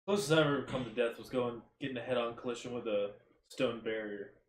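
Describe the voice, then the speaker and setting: A man's voice: mid-range voice, steady tone, fairly quick, echoey room, a little hiss or hum. A man co-hosting a podcast, chatting casually with blunt, offhand remarks. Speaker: podcast co-host. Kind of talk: casual chat.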